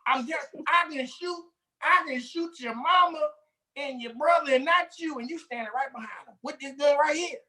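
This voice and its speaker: A man's voice: very high voice, moderate pace, bright, forceful tone, pitched above the performer's own voice, heavily acted. A man voicing a boastful gun enthusiast who exaggerates about his rifle.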